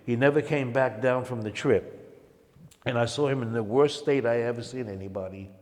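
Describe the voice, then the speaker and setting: A man from Harlem, New York, telling his personal testimony as a lively storyteller who acts out the people he quotes and chuckles along. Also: mid-range voice, normal speed, big-room sound. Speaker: testimony speaker.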